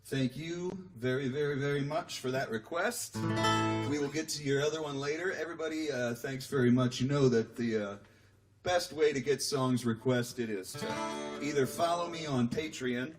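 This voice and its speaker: A man hosts a casual live stream from home, talking loosely with his viewers between songs. He rambles and pokes fun at himself as he answers their comments. Guitar strings ring clearly in the background. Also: mid-range voice, moderate pace. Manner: rambling, self-deprecating, reads viewer comments aloud. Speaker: singer-songwriter hosting a live stream. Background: acoustic guitar playing.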